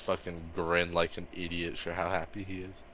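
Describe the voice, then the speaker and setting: A man's voice: low voice, completely flat delivery, moderate pace, a bit bright. A man playing a tabletop game, describing his character's actions in a blunt, casual way. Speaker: player. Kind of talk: casual tabletop role-play. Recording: dull, lo-fi mic with faint noise.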